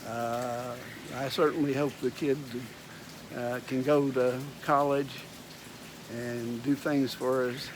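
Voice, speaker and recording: A man's voice: medium pitch, level tone, slow pace, background noise. A man from Texas with a Texas accent, chatting casually and rambling folksily to his vlog viewers. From Texas, USA. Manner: rambling, folksy, many fillers and restarts. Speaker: vlogger. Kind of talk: casual chat. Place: outdoors at home in the rain.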